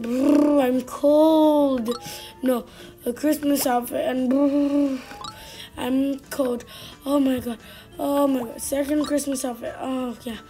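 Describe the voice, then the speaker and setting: A woman giving casual, excitable commentary while she plays a game, full of chatty exclamations. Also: high voice. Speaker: gaming streamer.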